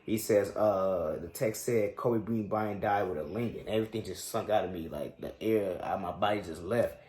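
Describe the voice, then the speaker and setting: A young man in his twenties with a somewhat low voice tells a personal story on his sports show. He talks casually and reflectively in loose slang, with plenty of fillers. The recording has a noticeable echo from the room. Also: normal speed, darkish tone.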